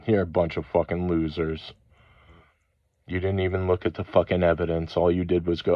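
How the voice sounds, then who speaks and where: Deep-voiced man ranting in lo-fi. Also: level tone, dry recording. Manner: angry, profane ranting with halting pauses. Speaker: channel host. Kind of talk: rambling spiritual monologue. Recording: dull lo-fi dry recording.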